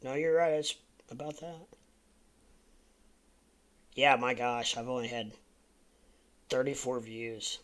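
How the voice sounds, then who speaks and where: Bright-voiced man hosting a livestream. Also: medium pitch, fairly even intonation, slow, pauses often. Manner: laughs a lot, reads chat aloud. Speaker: livestream host. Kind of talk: casual livestream chat.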